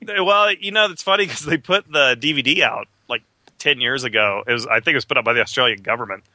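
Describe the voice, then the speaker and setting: A man co-hosting a casual film podcast, chatty and quick to laugh. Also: medium pitch, sharp tone, no echo. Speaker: podcast co-host.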